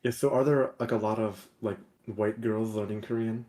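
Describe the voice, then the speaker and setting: A man with a mellow, darkish voice joins a casual chat over a video call. He asks teasing questions in a halting way, often repeating his words. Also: on the low side, steady tone. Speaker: podcast guest.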